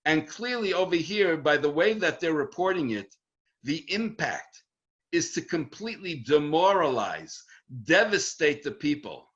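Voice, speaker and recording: Rabbi guy teaching torah online, high bright voice bouncing all over, slow and emphatic, kinda dull lo-fi audio. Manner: animated, emphatic, acts out quotes with rising pitch. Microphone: video call.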